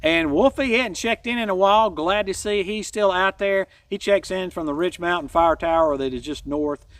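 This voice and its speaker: A man's voice: high-pitched, moderate pace, dry recording, distant mic. A man hosting a hiking channel, giving a casual, rambling trail update with folksy self-deprecating jokes.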